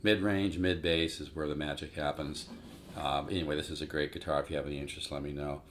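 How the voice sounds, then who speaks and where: A man's voice: a bass voice, fairly even intonation, fast talker, a little hiss or hum. A man in his sixties giving a casual, rambling guitar lesson and calling his viewers "folks". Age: 60s. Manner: rambling, repeats words, addresses "folks". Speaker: guitar teacher. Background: acoustic guitar playing.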